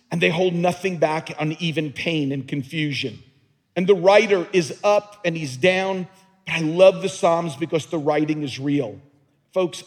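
A man's voice: a little high, breathy edge. A man preaching a sermon as a pastor, earnest and emphatic, often repeating words as he builds a point. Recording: long reverb of a large hall.

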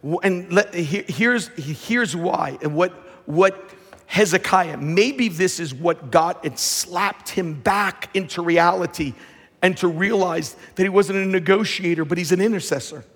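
A man's voice: high voice, measured pace, fairly bright tone, breathy edge. A man preaching a fervent sermon as pastor, often restarting and repeating his words as he builds his point. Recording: long hall reverb.

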